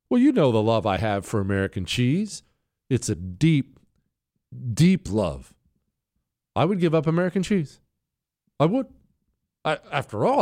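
A man's voice: medium pitch, a little mellow. A man hosting a talk radio show, delivering an opinionated monologue in a combative, sarcastic way.

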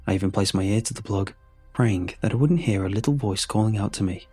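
A man narrating a first-person horror story in a hushed, measured, shaken way. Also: fairly low pitch, slightly rough, faint music behind.

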